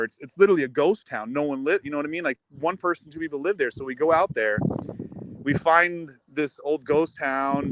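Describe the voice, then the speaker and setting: A man guest on a live talk show, telling stories with lots of restarts in a casual, animated way. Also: on the high side, no room sound, low-quality recording. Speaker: musician guest. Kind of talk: casual chat.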